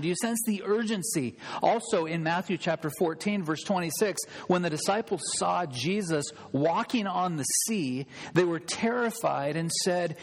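Earnest preacher in a reverberant hall. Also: male voice, high voice, normal speed. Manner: earnest, rising to bursts of shouting for emphasis. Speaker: pastor. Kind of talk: sermon.

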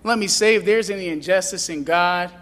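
A man preaching a sermon with impassioned delivery, rising to loud questions and dropping low for emphasis. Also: a little fast, big-room sound. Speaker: pastor.

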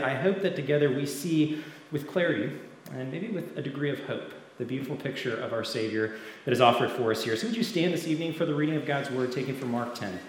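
Man, preacher, fairly high voice, earnest sermon, hushed phrase endings, very echoey church hall. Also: slight background noise. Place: church sanctuary. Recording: very echoey hall with long reverb.

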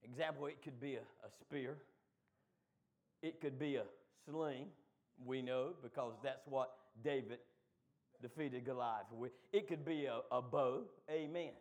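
A man preaching a sermon, moving from quick low asides to loud, shouted call-and-response.

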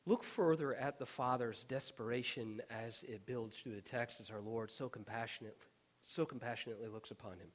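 A man preaching a sermon as pastor, earnest and emphatic, sometimes dropping to a hushed whisper on key words. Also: medium pitch, normal speed.

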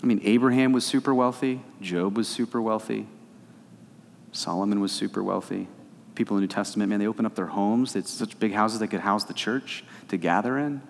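A man's voice: lowish voice, fairly even intonation, brisk, creaky, slight background noise. Fervent male preacher in a reverberant hall. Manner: conversational, rising to fervent emphasis. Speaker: pastor. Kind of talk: sermon.

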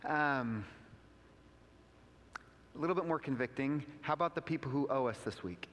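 A man preaching a sermon as pastor, telling a story conversationally with asides and rising pitch for emphasis. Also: moderate pace, long pauses, fairly bright tone. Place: church sanctuary. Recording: long hall reverb.

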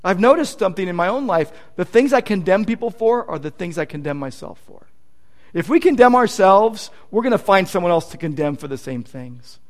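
Male pastor, high voice, earnest and emphatic, stressing key points in a sermon. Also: sing-song, a little fast.

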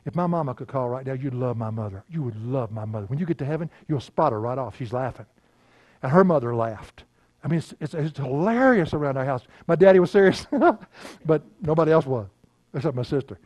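An older man, preaching a sermon in a folksy storytelling way, laughing often and dropping to a hush. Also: medium pitch, lively intonation, brisk, no room sound. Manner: folksy storytelling, laughing, swings from loud to hushed. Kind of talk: sermon with personal stories.

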